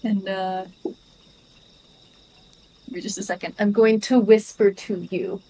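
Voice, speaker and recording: Slow-paced woman game master. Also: mid-range voice, fairly even intonation, mellow, husky, poor audio. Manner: unhurried, halting with fillers. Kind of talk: narrating a tabletop game.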